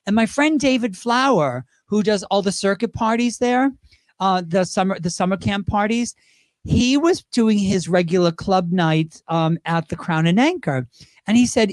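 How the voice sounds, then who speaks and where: A man from Great Britain chats as an interview guest, telling lively stories and breaking into quick impressions. His voice sits high and the sound is close and dry. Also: dry recording. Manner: animated, quick impressions, laughs while talking. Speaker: drag performer guest. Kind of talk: casual interview storytelling.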